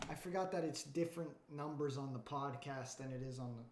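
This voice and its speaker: A man's voice: medium pitch, background noise. A man casually chatting on a livestream, rambling, swearing freely and answering his chat. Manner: profane, rambling, talks to chat. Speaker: streamer. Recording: echoey room.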